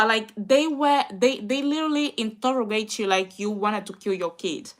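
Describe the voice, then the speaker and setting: A woman's voice: fairly high pitch, normal speed. A young woman vlogger, upset and close to tears, venting to her viewers in an emotional chat.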